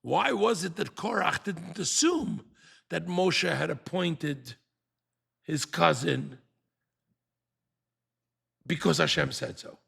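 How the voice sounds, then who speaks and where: An older man leads a Torah class, animated and full of rhetorical questions, acting out the people he quotes. His husky voice sits on the high side, with vocal fry, a slow pace, and long pauses.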